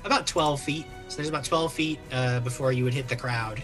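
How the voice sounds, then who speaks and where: A game master narrating a live tabletop game, animated and full of quick fillers. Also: mid-range voice, music in the background.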